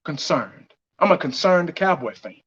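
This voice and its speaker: High, lively-voiced man ranting on a vlog. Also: measured pace, breathy edge. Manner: blunt, heated, laughs mockingly. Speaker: fan vlogger. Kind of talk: ranting fan commentary vlog. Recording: dull lo-fi audio.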